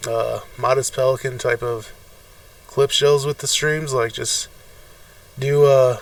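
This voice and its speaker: A man's voice: mid-range voice, steady tone, takes it slowly, recorded from a distance. A man co-hosting a podcast, playful and hesitant, trailing off in casual banter. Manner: playful, hesitant, lots of fillers. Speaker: podcast co-host and streamer.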